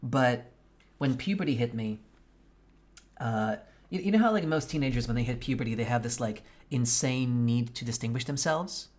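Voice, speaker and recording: A man streaming a game, chatting casually with his viewers, candid and quick to swear. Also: mid-range voice. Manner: candid and profane, venting frankly. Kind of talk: casual chat with live viewers.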